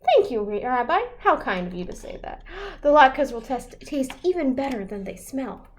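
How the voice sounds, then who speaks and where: A woman's voice: high voice, sing-song, moderate pace. A woman voicing a kind, chatty old grandmother in a picture book read-aloud. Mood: warm, chatty.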